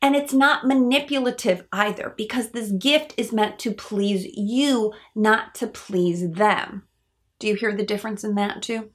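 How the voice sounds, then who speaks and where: A woman's voice: medium pitch, a bit bright. A woman psychologist giving an educational talk to camera, explaining patiently and asking viewers rhetorical questions.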